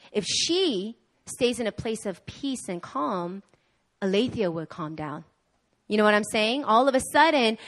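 A woman preaching a sermon at a church service in an animated way, acting out the voices she quotes. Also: on the high side. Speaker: guest preacher.

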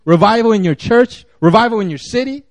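A man's voice: high-pitched, animated, a little fast, dry recording. A man giving a casual, conversational sermon, full of fillers and restarts as he talks. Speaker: guest preacher.

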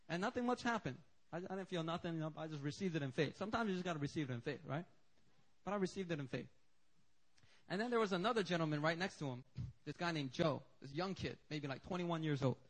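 A male pastor preaching a sermon, telling stories in an animated, joking way. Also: a little high, brisk, long pauses. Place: church service.

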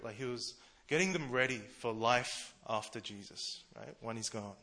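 With a bright, forward voice in the middle of the male range, a preacher and church treasurer keeps his sermon casual and chatty at a moderate pace. He speaks the way friends do and chuckles at his own expense.

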